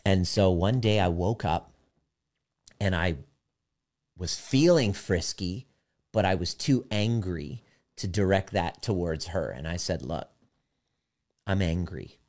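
A man coaching on relationships in a candid, profane monologue, dropping softer when he retells conversations. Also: low-pitched, lively intonation, a little slow, pauses often. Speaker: personal development coach. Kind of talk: casual monologue.

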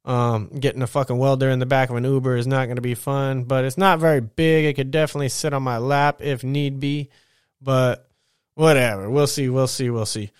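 A man's voice: mid-range voice, brisk, smooth, dry recording, clean studio sound. A man hosting his podcast at home, telling a work story in a casual, rambling and profane way. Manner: rambling, profane, animated retelling. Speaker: podcast host. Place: at home getting ready for bed.

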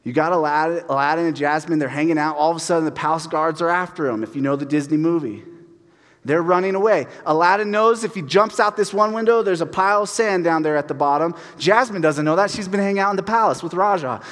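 Man, pastor, casual lively sermon, slightly high voice, long hall echo. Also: fast. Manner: casual and animated, acts out voices in stories.

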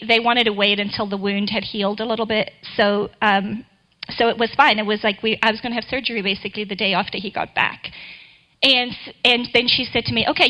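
Bright-voiced woman telling a sermon story. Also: fairly high pitch, rough recording. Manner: chatty, storytelling, with fillers. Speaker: speaker giving a church talk.

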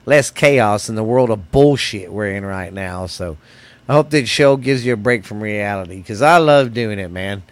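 A man's voice: medium pitch, smooth, no room sound. A man hosting a casual, rambling podcast, rowdy and profane, stuffy from sinus trouble. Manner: rowdy, profane, rambling, calls listeners baby. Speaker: podcast host. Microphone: close studio mic.

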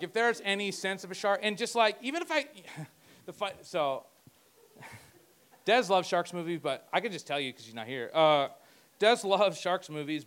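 A man's voice: on the high side, a bit bright, smooth. A man preaching a conversational sermon as pastor, joking and talking asides to himself.

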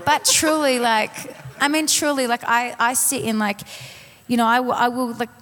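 A woman's voice: fairly high pitch, steady tone, moderate pace, a crowd in the background. A woman speaking casually on a songwriting panel, rambling with many fillers and laughing at herself. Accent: non-American (commented on). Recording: long hall reverb.

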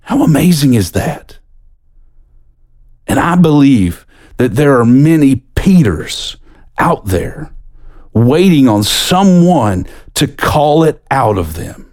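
A middle-aged American man preaching a sermon as a pastor, earnest, lifting his voice when stirred and dropping low and soft for scripture. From United States. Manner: earnest, builds with rising pitch and quickens when excited.

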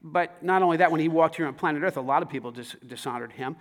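Pastor, male, high voice, dynamic sermon delivery moving between emphatic and quiet. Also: quick pace. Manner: dynamic preaching, swings from loud to hushed.

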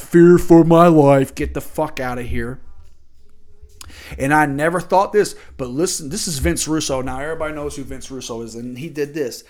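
A man hosting a casual solo podcast, talking in a heated, profane, rambling way. He keeps circling back and restarting his sentences as he works himself up, at an ordinary mid pitch. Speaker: podcast host.

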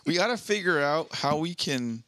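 A man's voice: a little high, expressive, moderate pace, pushed and bright. A man co-hosting a podcast, chatting casually in a playful, crude way. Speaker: podcast co-host. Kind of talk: casual chat, reading news aloud.

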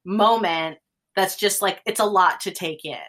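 A woman's voice: medium pitch, unhurried, fairly bright tone. A woman co-hosting a casual chat, rambling in a chatty way with lots of filler words.

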